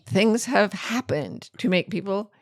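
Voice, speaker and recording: A woman's voice: medium pitch, animated, a little slow, dry recording. A woman author co-hosting a podcast, chatting casually with wry, dry humor. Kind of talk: casual chat.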